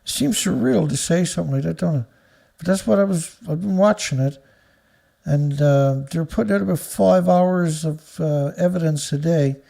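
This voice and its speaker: A man's voice: high voice, gravelly, dark tone. A man hosting an angry, profane commentary show, reading out headlines and then ranting about them with insults. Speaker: news commentary host.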